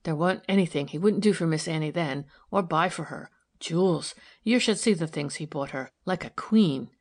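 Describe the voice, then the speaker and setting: A woman's voice: low-pitched, normal speed, darkish tone. A woman reading a proud, resentful old housemaid. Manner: plain servant's dialect, blunt. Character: stout loyal older housemaid, proud, resentful. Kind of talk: audiobook character reading.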